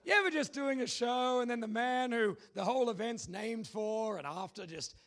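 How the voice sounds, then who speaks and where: An Australian man hosting a live comedy game show on stage, loud and playful, bantering with the crowd. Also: very high-pitched, normal speed. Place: live convention stage with audience.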